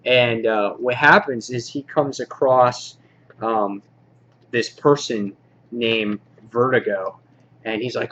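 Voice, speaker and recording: An excitable man in a homemade video, chatting through his weekly comic picks. He rambles, trails off into fillers and gets worked up over the books he loves. His mid-pitched voice comes through slightly dull and muffled, like a cheap webcam mic. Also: unhurried, a little hiss or hum. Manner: enthusiastic, rambling, many fillers. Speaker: comic book vlogger. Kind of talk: casual comic review countdown.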